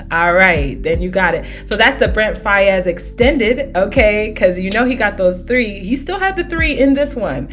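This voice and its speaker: A woman teaching an R&B singing lesson with demonstrations, upbeat and encouraging, often checking in with her students. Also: mid-range voice. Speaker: vocal coach.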